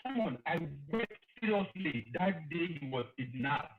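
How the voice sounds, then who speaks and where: A man's voice: on the high side, lively intonation, unhurried. Male caller, gushing and emotional, heard through a narrow phone line. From Nigeria. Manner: effusive, emotional praise. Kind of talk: phone-in call. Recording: tinny phone line with faint hiss.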